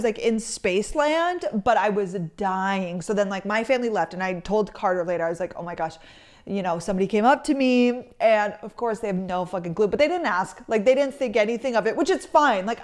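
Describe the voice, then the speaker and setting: This woman speaks a little fast at a medium pitch, barely pausing. A chatty content creator, she talks casually to camera via its built-in mic, telling stories loaded with "like"s and voiced quotes.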